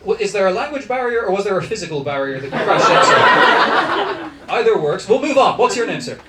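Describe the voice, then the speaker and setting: Posh Dublin comedian in an echoey club. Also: male voice, sits high, big pitch swings, brisk. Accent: South Dublin Irish. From South County Dublin, Ireland. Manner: dry, self-mocking crowd work. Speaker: stand-up comedian. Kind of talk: stand-up set. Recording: echoey club from far off, noisy. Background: audience laughter.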